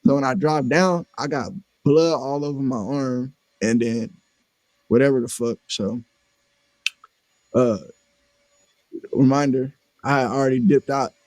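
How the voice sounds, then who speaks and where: Dude telling a wild story on a podcast, cussing a lot, slangy, normal-pitched voice, dry close mic. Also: male voice, a little slow, long pauses, no echo. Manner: animated, profane, slangy retelling; acts out quoted voices. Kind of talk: casual storytelling.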